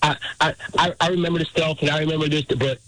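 A man's voice: a little high, steady tone, quick pace, fairly bright tone, dry recording, low-quality recording. A man in his fifties, a veteran calling a radio show, telling a story earnestly and with emotion. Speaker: caller, military veteran.

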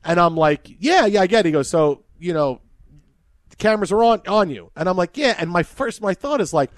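A man hosting a sports radio show, chatting casually and telling stories in an animated, rambling way. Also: high-pitched, fairly quick, no echo, clean studio sound. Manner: animated, rambling with restarts and laughs. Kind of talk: casual sports talk and storytelling. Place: studio.

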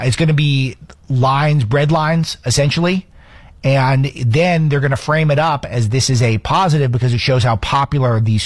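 A man hosting a political commentary show in a middle-pitched voice, firing off sarcastic, emphatic remarks. He talks quickly and often restarts a phrase before pressing on. The sound is dry and close, with almost no room echo.

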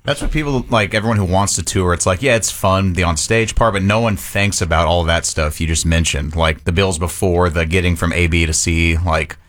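Low-voiced relaxed band member. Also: male voice, fairly quick, few pauses. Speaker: touring rock musician. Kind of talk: casual radio interview.

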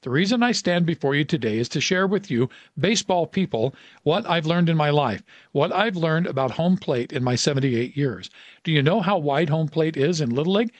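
A man doing a booming old baseball coach. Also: animated, brisk, no room sound, lightly acted. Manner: bellowing, emphatic.

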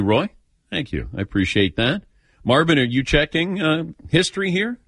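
Animated male radio sports host. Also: a little high, moderate pace, husky, no room sound, studio quality. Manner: animated storyteller, acts out quoted voices. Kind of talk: casual radio talk and storytelling.

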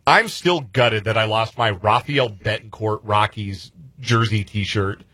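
Bright-voiced chatty male radio host. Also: on the low side, a little slow, no echo. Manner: chatty, rambling, laughs easily. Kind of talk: casual sports talk.

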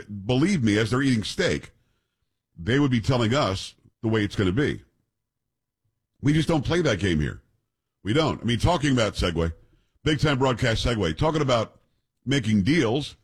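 Husky-voiced joking podcast host, a man. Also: mid-range voice. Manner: joking, rambling, trips over names. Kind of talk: casual chat and reading news aloud.

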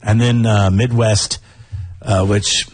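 A man's voice: on the low side, takes it slowly, husky, dry recording. A man co-hosting a morning radio show, chatting and joking casually. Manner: chatty, animated, jokey.

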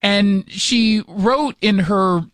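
An American man with a high-pitched voice hosts a radio show, riffing in a sarcastic, joking way. The studio sound is dry and close. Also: fairly bright tone, no echo. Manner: sarcastic, joking, quick asides. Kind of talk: casual opinion talk.

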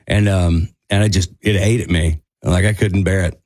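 A middle-aged man, a country singer guesting on a radio show, telling a story casually and acting out the people he quotes. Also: moderate pace. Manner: animated, acts out quotes in a higher voice.

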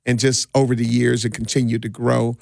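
Gravelly-voiced middle-aged man telling stories. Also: medium pitch, brisk, no echo, clean studio sound. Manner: relaxed, rambling, with many restarts and laughs. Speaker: DJ and community party organizer. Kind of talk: casual interview storytelling.

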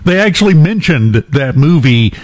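This radio show host, a man with a fairly high, sing-song voice, is hosting a morning talk show. At a moderate pace he tells a long personal anecdote in a casual, chatty way, full of fillers and restarts.

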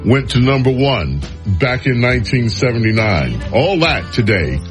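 A man's voice: mid-range voice, very animated, normal speed, music in the background. A man hosting a talk radio show, giving sarcastic, opinionated commentary on the news with frequent sighs and laughs.

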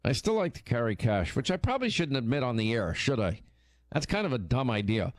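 Lively, teasing male radio host. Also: mid-range voice, fairly quick, no echo, clean studio sound. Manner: animated, teasing storytelling. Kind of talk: casual on-air chat.

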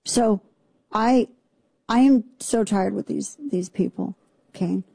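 A woman hosting a talk radio show, ranting sarcastically about the news with quick asides. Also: mid-range voice, creaky, dark tone, breathy edge, no echo. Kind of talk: opinionated political talk radio.

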